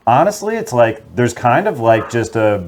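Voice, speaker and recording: A man's voice: mid-range voice, moderate pace, slight background noise. A man, a plumber guest in a casual podcast chat, telling stories and acting out quotes. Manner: relaxed storyteller, acts out quotes.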